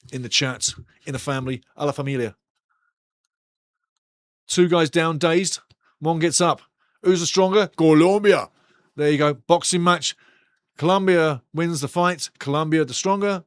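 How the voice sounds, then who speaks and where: A mid-range male voice comes through in clean studio sound without any room sound. He's hosting a live football watch-along, chatting and bantering with viewers as he casually calls the play in a rambling, talkative style.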